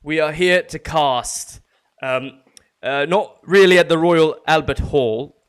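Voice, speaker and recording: A man hamming up a put-on British caster voice, slightly high-pitched and full of jokey pomp. He lays the accent on thick and teasing, hammy rather than convincing. The talk stays playful and loose. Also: slow, clear, resonant tone. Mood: mock-posh. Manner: joking, hammy.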